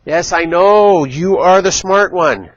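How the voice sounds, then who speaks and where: A middle-aged man giving a casual church talk, chatty and animated, acting out quotes as he tells stories. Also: high-pitched, slow pace, dry recording, lo-fi sound. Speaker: church teacher. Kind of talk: casual sermon.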